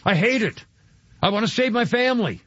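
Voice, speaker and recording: An older male talk radio host with a fairly high voice. He rambles and stops to restart his sentences, full of fillers. The sound is dry and a little dull, like a radio studio. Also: expressive, a little fast, a bit bright, no room sound.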